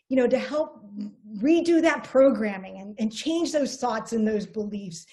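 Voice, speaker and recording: Woman, fairly high voice, earnest coaching style, motivational sales trainer. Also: a little mellow. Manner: earnest, coaching, repeats herself. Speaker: network marketing trainer.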